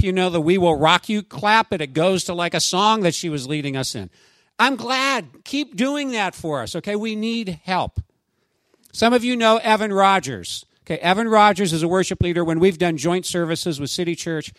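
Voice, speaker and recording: A man preaching a sermon as pastor, in a conversational, animated way with asides to his congregation. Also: high-pitched, dry recording.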